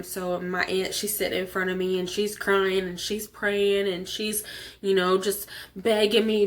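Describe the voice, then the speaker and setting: Woman host with a sore throat, telling her own story in an animated way and voicing the people she quotes. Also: medium pitch, moderate pace. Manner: animated, acts out quoted voices, frequent laughs. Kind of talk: personal storytelling.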